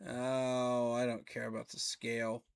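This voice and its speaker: A man's voice: mid-range voice, monotone, a little slow, vocal fry, smooth. A man ranting casually about rankings as a fan channel host, incredulous, with laughing asides. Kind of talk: casual reaction commentary.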